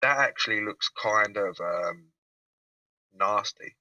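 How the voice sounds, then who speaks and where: A cheeky man banters on a video call, swearing and mocking himself. His voice is very bright and forceful, and it sounds a little distant from the mic. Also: lowish voice, slow pace, no room sound, dull audio. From England. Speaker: guest caller.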